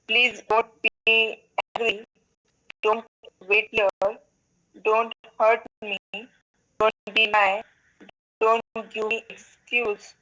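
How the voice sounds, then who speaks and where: Woman reading english sentences, flat and slow, bright tone. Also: mid-range voice, lo-fi sound. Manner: flat, deliberate reading with small restarts. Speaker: adult English learner.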